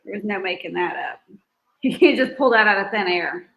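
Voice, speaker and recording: A woman hosting a casual interview, chatty and quick with interjections and easy laughter. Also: medium pitch, lively intonation, creaky, dull audio. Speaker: podcast host.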